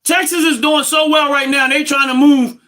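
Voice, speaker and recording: Man, very high voice, bright and forceful, loud repetitive livestream rant. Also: steady tone, moderate pace. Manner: loud, emphatic and repetitive, laughs between points. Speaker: livestream host.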